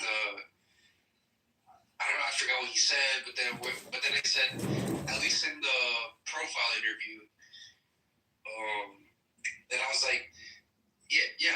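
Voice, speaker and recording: Hesitant man, bright and echoey. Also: mid-range voice. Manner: hesitant, filler-heavy. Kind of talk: casual chat. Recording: echoey, distant, faint noise.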